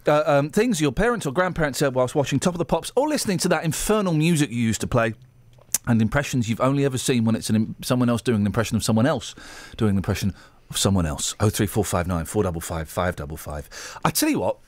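A man's voice: mid-range voice, fast, no echo. A man hosting a casual radio show, joking and telling stories with lots of laughs. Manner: jokey, animated storytelling with laughs. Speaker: radio presenter.

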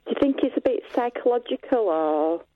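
A woman's voice: a little high, animated, dry recording. Hesitant woman on tinny phone line. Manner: hesitant, many pauses and fillers. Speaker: caller. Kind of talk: phone-in call.

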